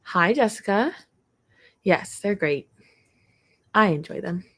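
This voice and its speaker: A young woman talks slowly and easily, hosting a casual livestream from home. She rambles along with viewers in a mid-range voice and breaks off now and then to talk to her dog. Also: mid-range voice, lively intonation, fairly bright tone. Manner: chatty and rambling, talking to her dog in between. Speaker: livestream host.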